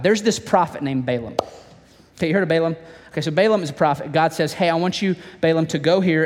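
Animated high-voiced male pastor preaching. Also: in a large hall. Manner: animated, playful storytelling with asides. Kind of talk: sermon. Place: church.

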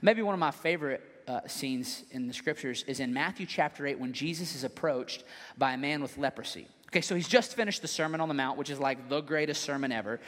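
Man, pastor, sermon, animated, joking, long hall reverb. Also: a little high. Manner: animated, joking, acts out scenes.

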